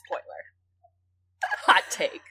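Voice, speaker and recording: A woman's voice: slow pace, sharp tone. A woman co-hosting a true crime podcast, reading a disturbing transcript in a level, grave tone and chatting bluntly with some swearing. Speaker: podcast co-host.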